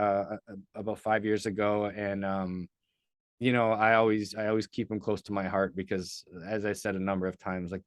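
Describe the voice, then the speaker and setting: A man's voice: on the low side, clear, resonant tone, no echo. A man talking as a podcast guest, telling a personal story in an earnest, rambling way with lots of fillers. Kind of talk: casual storytelling in a podcast interview.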